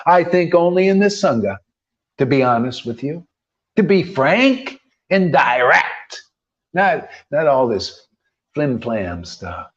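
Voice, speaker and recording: A man preaching informally as a spiritual teacher, firing combative rhetorical questions and tossing in slangy "man" asides. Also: sits high. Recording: dull lo-fi recording.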